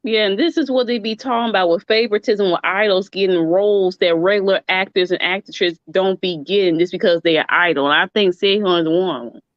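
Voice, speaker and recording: A woman's voice: medium pitch, brisk, few pauses, dry recording. A woman co-hosting a podcast in casual group chat, speaking frankly. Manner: frank, laughs easily. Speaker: podcast co-host. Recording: dry, dull lo-fi call audio.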